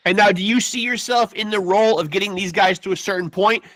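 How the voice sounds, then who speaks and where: A man's voice: high voice, fast talker, fairly bright tone, no echo. A man hosting a podcast in loose, profane casual chat, tacking "man" onto nearly every phrase. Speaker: podcast host.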